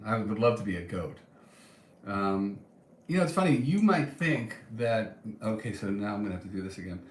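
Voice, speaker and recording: A man's voice: lowish voice, echoey room. Rambling man chatting on a live stream. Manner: rambling, with many ums and restarts. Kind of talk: casual live-stream chat, reading comments.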